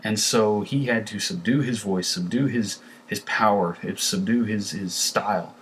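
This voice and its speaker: A man's voice: fairly low pitch, unhurried, a little hiss or hum. A man reviewing a film in a casual, rambling way, with many fillers and restarts. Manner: conversational, lots of fillers and restarts. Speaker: movie reviewer.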